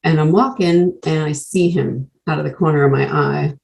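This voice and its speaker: Creaky-voiced woman telling her story bluntly. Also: low-pitched, fairly even intonation, normal speed, darkish tone, poor audio. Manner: blunt, swears freely, leans on "like" fillers. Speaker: speaker sharing her recovery story. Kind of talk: candid personal storytelling. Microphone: video call.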